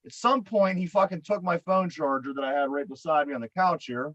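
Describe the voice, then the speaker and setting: Brief: Pittsburgh guy, fairly high voice, swearing and exasperated, on a dry, dull lo-fi mic. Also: brisk, few pauses, fairly bright tone, dry recording. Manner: profane, exasperated, rambling with restarts. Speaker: podcast co-host. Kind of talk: casual storytelling.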